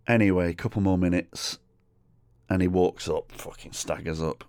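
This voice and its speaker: A man with an English accent hosting a solo comedy podcast, telling a story in a sweary, chatty, animated way. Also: deep voice, fairly quick, no echo, clean studio sound. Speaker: podcast host.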